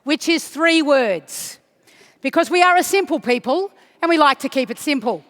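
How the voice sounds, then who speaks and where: Woman, high and bright, slow and teasing, leading a chant in an echoey hall. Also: lively intonation. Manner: playful, teasing, rousing, breaks into shouts. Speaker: chant leader at a union congress. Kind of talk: leading a crowd chant and dance. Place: large conference hall.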